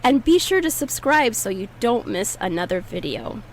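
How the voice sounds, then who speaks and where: A woman teaching a language lesson, patiently saying each word slowly and clearly so listeners can repeat after her. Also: on the high side, sing-song, slight background noise, poor audio. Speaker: Spanish teacher.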